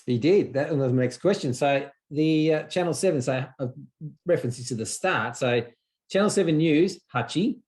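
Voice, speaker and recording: An Australian man hosting a casual interview, relaxed and chatty. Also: a little high, normal speed. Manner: relaxed, chatty, calls guest mate. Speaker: podcast host.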